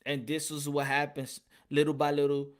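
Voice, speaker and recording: A man's voice: fairly high pitch, completely flat delivery, normal speed. A male podcast host ranting in a casual, emphatic way, repeating his points and slipping into Spanish phrases. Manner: emphatic and repetitive, slips into Spanish. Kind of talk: casual rant.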